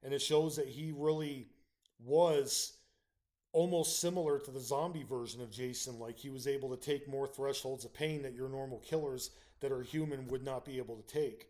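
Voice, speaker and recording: A man's voice: mid-range voice, steady tone, moderate pace, warm tone. A man hosting his own channel, giving a casual spoken film review with frequent ums and restarts. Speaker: channel host reviewing films.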